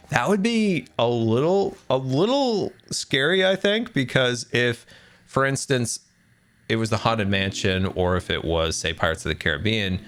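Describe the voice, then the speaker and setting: A rambling, chatty man streaming a game, his low voice swinging up and down in a lively way as he laughs along with viewers. Soft music plays underneath. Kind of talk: casual live-stream chat while gaming.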